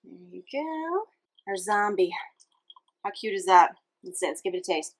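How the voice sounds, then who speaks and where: A woman's voice: medium pitch, big pitch swings, moderate pace, low-quality recording. A young woman from Louisiana hosting a casual cocktail demonstration in a home kitchen, talking to the viewer in a chatty, upbeat way as she mixes. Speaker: cooking show host.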